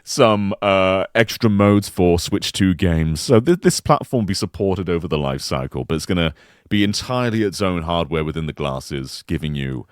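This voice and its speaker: Fields: Sex: man. Pitch: deep. Style: lively podcast chat. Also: normal speed, dry recording, studio quality. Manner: animated storyteller who slips into silly voices. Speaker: podcast co-host. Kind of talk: casual chat, pitching an imagined game console.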